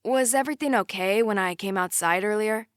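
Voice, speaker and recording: A woman's voice: medium pitch, brisk, dry recording, clean studio sound, pitched above the performer's own voice, lightly acted. A woman reading the lines of a protective young man, an easygoing older brother who turns firm about his sister, in an audiobook. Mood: earnest. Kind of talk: audiobook character voice.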